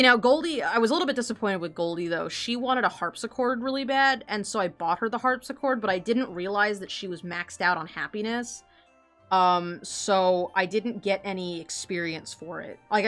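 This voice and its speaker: This woman draws while she talks, her casual chat full of rambling, giggles, and filler words. Her pitch sits in the middle and her tone is a bit bright.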